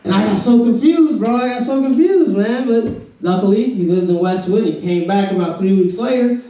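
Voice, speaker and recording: Stand-up comic from Florida, Southern accent, very high male voice, loose rambling delivery, echoey room, distant mic. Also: moderate pace, dark tone. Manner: rambling, laid-back, keeps saying "bro". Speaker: stand-up comedian. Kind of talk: stand-up comedy set. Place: comedy club stage.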